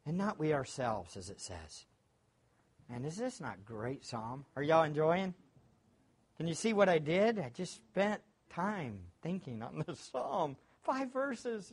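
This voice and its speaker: A man preaches with great emphasis. His pitch rises and falls in lively swings, from near-whispered asides to ringing exclamations. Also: breathy edge. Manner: emphatic, swings from hushed to shouting. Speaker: pastor. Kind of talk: sermon.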